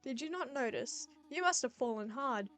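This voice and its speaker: A woman voicing a gentle, motherly goat monster queen in a game, speaking in a soft, formal, reassuring way. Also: high voice, animated, normal speed, soft background music. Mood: caring.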